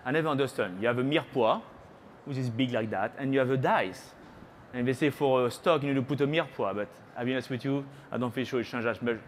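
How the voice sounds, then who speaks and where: A French-accented chef talks his way through a live cooking demo, chatty and teasing, dropping little French phrases between steps. His voice sits at an ordinary middle pitch for a man. A faint hum of show-floor ambience hangs behind him. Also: quick pace. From France. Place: trade show cooking stage.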